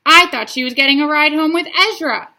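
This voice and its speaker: A woman's voice: high voice, normal speed, sharp tone. A woman reading the lines of a frustrated young boy who whines and complains. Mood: whiny. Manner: whiny, complaining.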